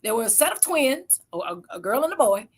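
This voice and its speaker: A woman's voice: fairly high pitch, sing-song, a little fast, slightly rough. A middle-aged woman giving a motivational talk as an event speaker, telling stories and acting out the voices of the people in them. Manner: storytelling, acting out quoted voices.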